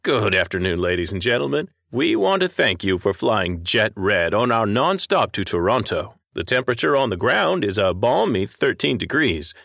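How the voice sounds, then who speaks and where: A man's voice: on the low side, big pitch swings, normal speed, vocal fry, hardly any pauses, a bit bright, no echo, clean studio sound, heavily acted. A man voicing an airline pilot making a cabin announcement, hesitant and full of fillers. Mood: folksy.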